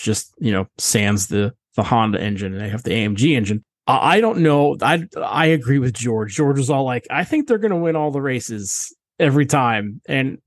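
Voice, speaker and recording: A man's voice: fairly low pitch, no echo. A man co-hosting a casual podcast, rambling and opinionated, swearing often. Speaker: podcast co-host. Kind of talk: casual chat.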